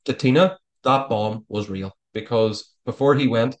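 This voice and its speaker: A man's voice: medium pitch, measured pace. A man talking as a guest in a casual interview, rambling with frequent stammered restarts. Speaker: author guest.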